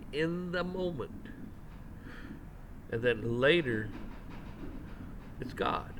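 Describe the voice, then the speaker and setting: A man's voice: on the high side, background noise. A man hosting a commentary channel, giving a casual opinion rant, rambling and often repeating and restarting his words.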